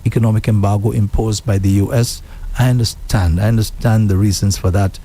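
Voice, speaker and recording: A man from the Caribbean hosting a casual political talk show, animated and repetitive, quoting others in mock voices. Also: lowish voice, fairly quick, husky. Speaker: radio show host.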